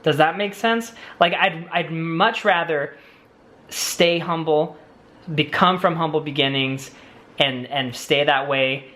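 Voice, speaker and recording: In a family vlog Q&A, a young man co-hosting speaks slowly with a slightly high voice and sharp tone. He's eager and rambling, wandering into asides, using many fillers and restarting often in this casual chat.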